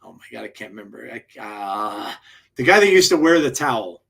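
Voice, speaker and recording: Podcast co-host, man, mid-pitch, chatty storyteller who restarts sentences a lot. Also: animated, fairly quick, gravelly, a bit bright, slightly rough. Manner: rambling storyteller, frequent restarts and laughs. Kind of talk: casual chat.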